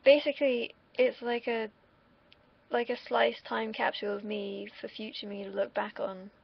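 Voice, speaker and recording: A young woman talks straight to camera in a loose, wandering monologue. Her voice is full of vocal fry, and she swears casually and puts herself down. The sound is a bit dull and lo-fi. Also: fairly high pitch, level tone, moderate pace. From United Kingdom. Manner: rambling, self-deprecating, swears freely. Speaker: vlogger. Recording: dull lo-fi recording.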